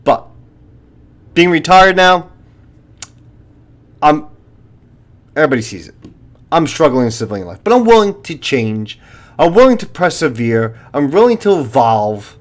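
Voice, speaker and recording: A man's voice: fairly high pitch, sing-song, measured pace, long pauses. A retired police officer in his fifties, a channel host talking to viewers in a blunt, profane, lecturing monologue.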